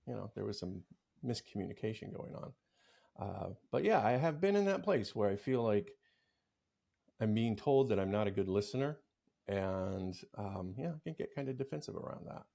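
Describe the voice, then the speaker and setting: Male coach, low gravelly voice, thoughtful and unhurried storyteller. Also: expressive, warm tone. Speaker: relationship coach. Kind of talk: casual podcast chat.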